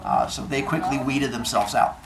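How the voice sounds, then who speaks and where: Playful low-voiced woman teacher. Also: normal speed, a crowd in the background. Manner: playful, joking, animated. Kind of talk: classroom storytelling lesson. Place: classroom. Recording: echoey classroom.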